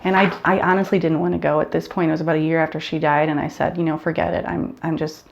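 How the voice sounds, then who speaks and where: Woman vlogger, low-pitched, earnest and candid, muffled low-fi recording. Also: flat delivery, fast talker, gravelly. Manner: earnest, candid, repeats words and restarts when emotional. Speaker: vlogger sharing grief story. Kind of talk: personal talk to camera.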